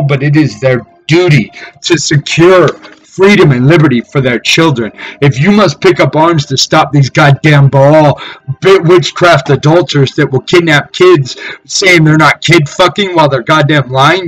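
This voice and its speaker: A man preaching from scripture in a fiery, profane way, swinging between shouted tirades and low mocking murmurs. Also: low-quality recording. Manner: swears heavily. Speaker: street preacher.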